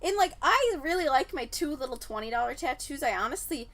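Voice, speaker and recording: A young woman co-hosting a casual podcast chat, telling stories and acting out quotes with big jumps in pitch. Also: lively intonation, fairly quick, a bit bright. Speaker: podcast co-host.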